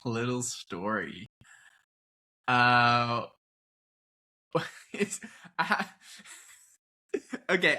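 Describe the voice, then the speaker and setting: A young man with an Australian accent chats easily as an interview guest. His tone is bright and forward, and he laughs often as he talks. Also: medium pitch, sing-song, very slow, pauses often. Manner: laughs often, easygoing, rambles. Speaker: actor, guest. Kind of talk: casual interview chat.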